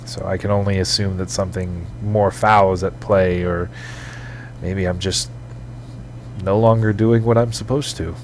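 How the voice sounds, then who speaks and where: A man's voice: sits low, fairly even intonation, moderate pace. A man voicing a solemn male ghost swordsman who speaks formally and hesitantly, full of sorrow, with a faint hum behind him. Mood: sorrowful. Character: weary, solemn male ghost swordsman, protector of lost spirits.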